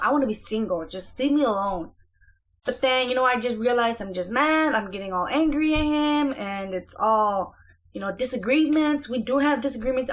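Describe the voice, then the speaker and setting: A young mother talks to the camera in a relaxed, rambling home vlog, her voice a touch high. She keeps circling back with fillers and restarts as she chats from her kitchen. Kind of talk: casual chatty life update.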